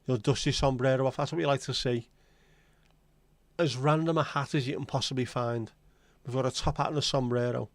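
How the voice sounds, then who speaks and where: A man's voice: medium pitch, steady tone, a little fast, no room sound. A man hosting a casual livestream, rambling and chatting as he answers viewer comments. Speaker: livestream host reading viewer chat. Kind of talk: casual chat.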